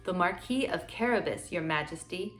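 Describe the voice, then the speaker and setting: A woman voicing a cunning talking cat who flatters royalty in a courtly, scheming way, for a children's storybook reading. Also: lowish voice, moderate pace, faint music behind, natural voice.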